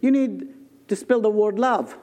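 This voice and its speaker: A man's voice: high-pitched, a little slow, a little mellow. A man voicing the angel Gabriel as a firm gatekeeper of heaven in a told joke.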